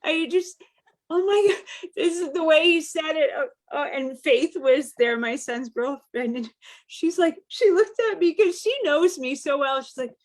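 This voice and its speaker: A woman's voice: high voice, a little slow. A woman romance author chatting casually, telling stories with lots of laughter and mock outrage. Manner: animated storyteller, laughs often, mock outrage. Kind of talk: casual chat.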